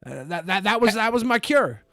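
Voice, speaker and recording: A man's voice: sits high, very animated, brisk, fairly bright tone, no room sound, clean studio sound. A man co-hosting a podcast, telling rambling jokey stories in casual banter. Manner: joking, rambling storyteller. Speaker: co-host.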